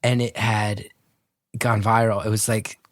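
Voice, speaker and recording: Over a video call with clean studio sound and no room tone, a North Jersey man in a lowish, unhurried voice guest co-hosts a podcast. He spins an animated story, voicing the people in it and cursing without restraint.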